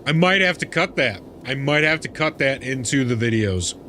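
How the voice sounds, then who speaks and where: A man live streaming a game, chatting casually and reacting excitably, laughing and swearing as he goes. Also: medium pitch, moderate pace, a little hiss or hum. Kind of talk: casual chat while gaming.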